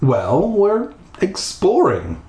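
A sheepish boy mumbles evasive excuses after being caught, as a man reading aloud puts him on. The pitch wanders up and down. The sound rings in a tiled bathroom. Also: wildly swooping pitch, very slow, dark tone, full character voice. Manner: hesitant, evasive. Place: bathroom, in a bathtub. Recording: echoey bathroom.

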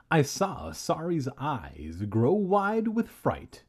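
A man reads a storybook aloud, stopping for crude, irreverent jokes. His voice is husky and mellow, and it rises and falls a great deal as he reads. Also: on the high side, huge pitch swings, slow pace, few pauses. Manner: irreverent, profane, laughs often. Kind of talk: reading a book aloud with joking asides.

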